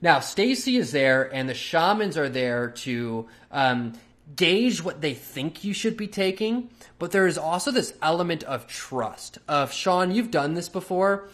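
A man's voice: fairly high pitch, very animated, measured pace, fairly bright tone. A man hosting a podcast, telling a personal story in a loose, chatty way with lots of fillers and some casual swearing. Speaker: podcast host.

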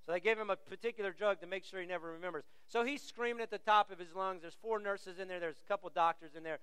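Middle-aged male pastor, animated sermon delivery, crisp resonant tenor, long hall reverb. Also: high-pitched, fast talker. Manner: animated storyteller, acts out quoted voices.

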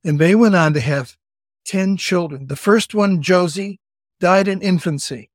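An older man co-hosting a podcast, chatting casually and telling family stories with quick asides. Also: high voice, no echo, studio quality. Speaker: podcast co-host. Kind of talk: casual family-history chat.

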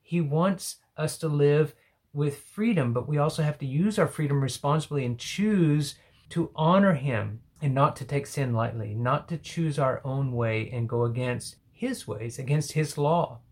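This is a devotional sermon voice that takes its time, unhurried and deliberate. The preacher reads scripture aloud and leans hard on key words, then drops into hushed asides, with a pitch that sits neither high nor low. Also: husky. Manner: emphatic, swings between loud exclamations and hushed asides. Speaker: Bible teacher.

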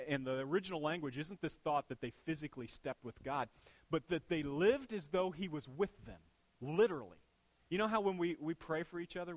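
Man, 30s, pastor, sermon, high-pitched, dry close sound, rhetorical questions, hushed-to-emphatic swings. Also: dry recording.

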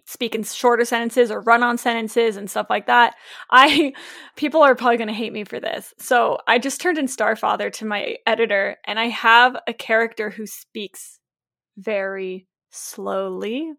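A woman novelist co-hosting a casual writing podcast, teasing and upbeat. Her voice sits a little high, and the recording is dry and close to the mic. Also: fairly even intonation, fairly quick, gravelly, bright, forceful tone, no echo. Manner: playful, teasing. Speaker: podcast co-host. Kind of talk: casual chat.

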